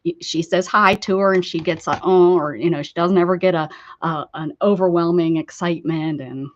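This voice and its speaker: A woman's voice: lowish voice, fairly quick. A woman with an American accent chatting casually on an art live stream, rambling, laughing and answering viewer comments. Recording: slightly dull lo-fi stream audio.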